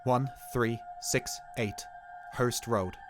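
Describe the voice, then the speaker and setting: A man voicing a frantic middle-aged shopkeeper who shouts and pleads in panic, read over music. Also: mid-range voice, steady tone, very slow. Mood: shaken pleading.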